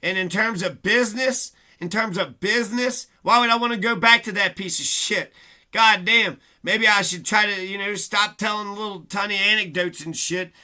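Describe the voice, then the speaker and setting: Vlogger, male, high tense voice; rambling profane rant, aggrieved delivery. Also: moderate pace, pushed and bright. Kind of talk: casual ranting monologue.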